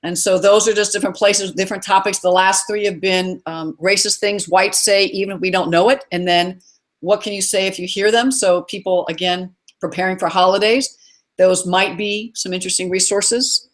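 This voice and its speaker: A woman's voice: mid-range voice, steady tone, moderate pace. A middle-aged woman speaks as a guest over a video call. She sounds earnest and encouraging, with a mid-range voice, and strings long lists of ideas together. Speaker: guest expert. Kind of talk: live video call interview.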